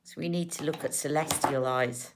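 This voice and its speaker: A woman's voice: low-pitched, steady tone, normal speed, heavy background noise. Chatty woman hosting a beauty livestream. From United Kingdom. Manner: chatty, affectionate, emotional, rambling. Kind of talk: casual livestream chat with viewers.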